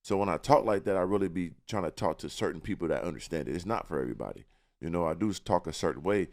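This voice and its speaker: Deep-voiced man talking fast and sure. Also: lively intonation, creaky, darkish tone. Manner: confident, repeats words while searching. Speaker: guest. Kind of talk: casual podcast interview.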